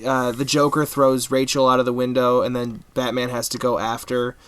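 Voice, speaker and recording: A man's voice: medium pitch, flat delivery, moderate pace, a bit bright, smooth, dry recording. A young man co-hosting a podcast, chiming in with dry, joking remarks about movies. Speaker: podcast co-host. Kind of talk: casual movie discussion.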